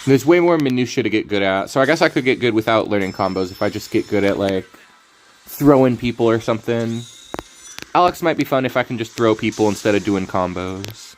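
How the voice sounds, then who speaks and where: A man's voice: lowish voice, animated, fairly quick, a little hiss or hum. A man streaming a card game, rambling through casual commentary, playful and laughing often.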